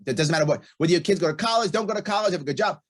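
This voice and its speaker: Middle-aged male podcast guest, quick and husky, blunt and emphatic, hammers his points home. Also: high voice, lively intonation. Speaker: podcast guest, libertarian candidate. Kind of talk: casual podcast interview.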